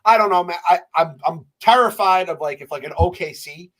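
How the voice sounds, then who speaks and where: A man's voice: sits high, a little fast, fairly bright tone. A man co-hosting a sports podcast, easygoing and casual, with some swearing. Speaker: podcast co-host.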